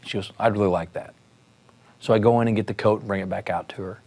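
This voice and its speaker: A man, a police sergeant, telling a story in a relaxed, conversational way with frequent fillers and restarts. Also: on the low side, racing. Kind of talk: storytelling talk.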